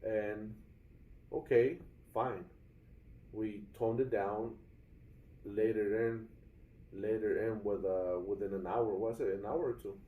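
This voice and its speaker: A man's voice: lowish voice, fairly even intonation, slow, long pauses, echoey room, distant mic, narrow, tinny audio. A young adult man vlogging casually about a bad hotel stay, rambling with many fillers and restarts and calling his viewers guys. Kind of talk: casual vlog complaint. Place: hotel room.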